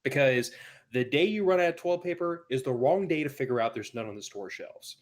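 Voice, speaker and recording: A man's voice: medium pitch, expressive, fairly quick. A man in a casual podcast chat, giving blunt, matter-of-fact answers. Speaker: podcast guest.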